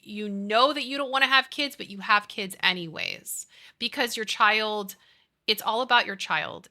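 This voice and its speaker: A woman in her thirties chats with her viewers on a live stream, gushing and answering their messages one after another. Her voice is very bright and sits at a middle pitch. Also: vocal fry. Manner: chatty, gushing, reads chat aloud. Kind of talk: casual live-stream chat.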